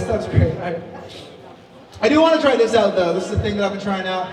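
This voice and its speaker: A man with a fairly high voice performs stand-up on a club stage, chatting and riffing with the audience. The sound is roomy and distant, with a long echo. A lively crowd fills the background. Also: a little fast, long pauses. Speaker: stand-up comedian. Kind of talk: stand-up comedy set. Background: audience laughter and chatter.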